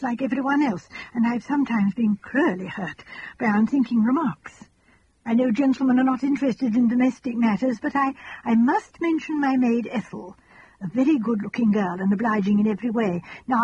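A gentle, fussy elderly spinster, as a woman reader puts her on, chatting on in an earnest, rambling, old-fashioned way. The voice sits fairly high and is very husky and breathy. The recording is a little dull and lo-fi. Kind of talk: audiobook reading.

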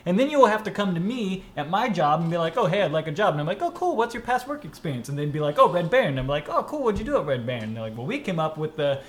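A man with a high voice telling stories in casual chat, exasperated, acting out his own lines as he goes. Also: very animated, racing, hardly any pauses. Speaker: podcast co-host.

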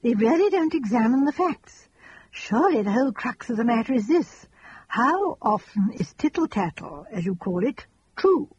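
A woman reading an audiobook, voicing a gentle, fussy elderly spinster who talks in a chatty, earnest, rambling, old-fashioned way. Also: on the high side, very animated, moderate pace, dull audio.

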